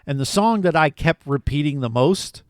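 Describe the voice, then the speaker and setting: A man's voice: on the high side, animated, normal speed, no room sound, studio quality. A man co-hosting a podcast, chatting eagerly about a film and rambling with fillers. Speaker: podcast co-host. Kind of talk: casual movie review chat.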